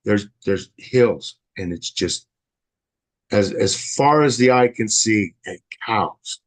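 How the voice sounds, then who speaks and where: A co-host in casual conversation, speaking slowly and haltingly, mostly agreeing. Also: sits low. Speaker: podcast co-host.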